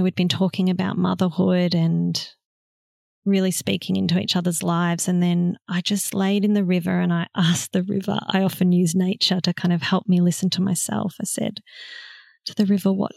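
A woman guest on a podcast, speaking in a soft, slow, heartfelt way with long pauses. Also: lowish voice, level tone, creaky, dry recording, clean studio sound. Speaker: guest, motherhood facilitator. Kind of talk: slow reflective conversation.

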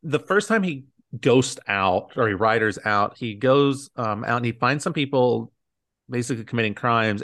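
A man's voice: mid-range voice, fairly bright tone. A man co-hosting a podcast, recapping a movie in loose casual chat, full of "like" and acted-out quotes. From United States. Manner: rambling, many "like"s, acts out quotes. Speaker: podcast co-host.

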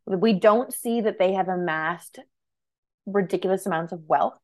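A woman's voice: medium pitch, moderate pace. A woman co-hosting a film podcast in casual chat, playful, teasing and opinionated. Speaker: podcast co-host.

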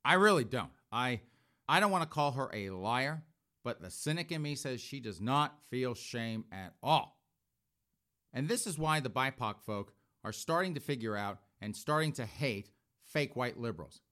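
A man's voice: medium pitch, animated, moderate pace, bright, forceful tone. A man in his fifties giving sarcastic, opinionated news commentary, often addressing his audience as folks. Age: 50s. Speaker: political commentator.

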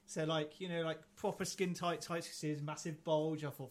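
A man's voice: on the high side, little pitch movement, normal speed. Swearing man telling a story. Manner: swears freely, laughs through anecdotes. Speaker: podcast co-host. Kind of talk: casual chat, storytelling.

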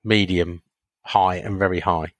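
A man co-hosting a casual podcast speaks in a lower register, relaxed and matter-of-fact. His voice is dry and close to the mic. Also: measured pace, no echo. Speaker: podcast co-host. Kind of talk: casual banter.

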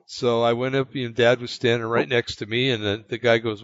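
A man from the United States telling a personal story in casual chat, rambling and halting, with many fillers and restarts. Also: medium pitch, level tone, a bit bright, no room sound. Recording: dull lo-fi, dry sound.

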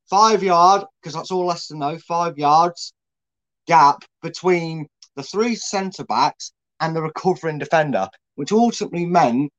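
A man with a slightly high voice, co-hosting a casual football chat. He talks through team tactics in a chatty way, often using fillers and restarting sentences as he explains. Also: poor audio. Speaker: co-host, tactics analyst.

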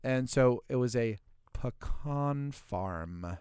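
A man from the US Deep South with a Southern accent, co-hosting a podcast and telling a story in a profane, joking way. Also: lively intonation, takes it slowly, a little mellow, clear, resonant tone. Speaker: podcast co-host. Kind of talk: casual podcast banter.

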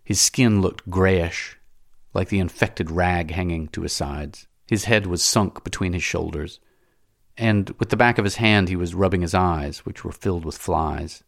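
A man reading a classic novel aloud as an audiobook narrator, in a measured, dramatic way. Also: low voice, gravelly, dry recording, studio quality.

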